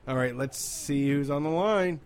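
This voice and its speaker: A man's voice: on the high side, moderate pace, clean tone. A man co-hosting a call-in show, talking bluntly and offhandedly. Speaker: co-host. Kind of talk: casual radio talk.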